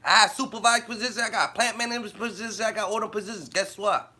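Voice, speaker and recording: A man's voice: high voice, fairly even intonation, fast, sharp tone. A man ranting and telling blunt, profane stories in slang on a casual live stream, laughing often as he talks. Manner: laughs often while talking. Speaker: livestreamer.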